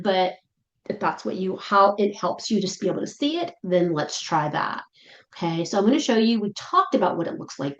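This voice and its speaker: A woman with a slightly low voice explains dog behavior to pet sitters in a casual, chatty way. She acts out excited dogs and puzzled sitters in quick voices. The recording is dull and lo-fi, in a roomy, echoing space. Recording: echoey room, dull lo-fi sound.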